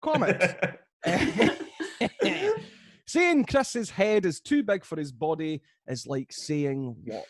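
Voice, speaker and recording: A man's voice: on the high side, animated, takes it slowly, long pauses, no room sound, clean studio sound. A man hosting a comedy game show over a video call, teasing the players and laughing at his own jokes.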